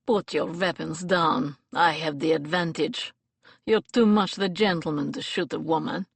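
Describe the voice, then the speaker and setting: A woman's voice: low-pitched, a little slow, gravelly, slightly rough, no room sound, heavily acted. A woman voicing a ruthless, taunting male villain in an audiobook, snarling and gloating. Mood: menacing.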